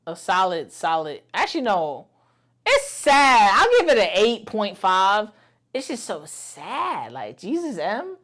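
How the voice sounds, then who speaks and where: A Bronx-raised woman talks over music she is reviewing. Her voice sits at a middle pitch but jumps around a lot. She is blunt, curses freely and lets her feelings show. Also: huge pitch swings, unhurried, fairly bright tone. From The Bronx, New York. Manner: blunt, profane, openly emotional reactions. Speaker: content creator. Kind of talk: music reaction commentary.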